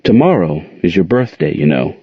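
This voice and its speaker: A patient older aunt who soothes her young nephew in a soft, gentle voice, as a man reads her part. The voice is low and husky. It comes through a dull, close-miked recording. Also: sing-song, moderate pace, dry recording, exaggerated voice. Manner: soft, soothing, calls him child.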